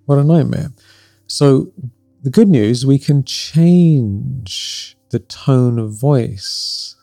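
Gravelly, mellow-voiced man teaching spirituality. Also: mid-range voice, expressive, drawn-out words, no echo, studio quality, soft background music. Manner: gentle, reflective, warmly encouraging, laughs softly between points, often adds "right?". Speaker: podcast host and spiritual life coach.

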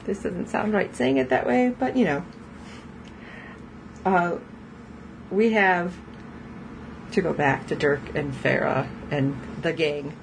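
A woman's voice: on the low side, takes it slowly, creaky, pauses often, noisy background. A woman co-hosting a casual podcast, recapping a TV episode in a chatty way and laughing often as she quotes the characters. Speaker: podcast co-host.

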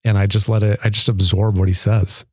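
Male podcast guest, earnest storyteller, low and mellow, dry close sound. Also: flat delivery, a little fast, breathy edge, no echo. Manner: earnest, chatty, laughs between sentences. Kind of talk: casual storytelling.

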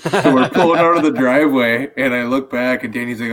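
Man, podcast co-host, laid-back, profane, casual chat, average pitch. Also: brisk, a bit bright.

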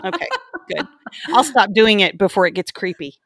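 A woman hosting a podcast in casual chat, playful and bubbly, with quick asides to her co-host. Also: medium pitch, sing-song, fairly bright tone, no echo, studio quality.

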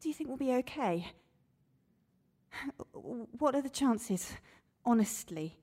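A woman's voice: fairly high pitch, lively intonation, slow pace, dark tone, full character voice. An actress playing an anxious woman trapped in a sauna, talking in a frantic, panicky way in an audio drama. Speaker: sauna customer.

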